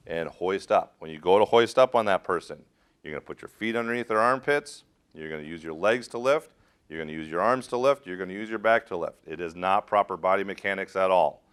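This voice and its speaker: A man's voice: sits low, fairly bright tone, clean tone. A middle-aged man teaching a rope rescue class, direct and practical, quizzing his students as he demonstrates. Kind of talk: hands-on safety training talk.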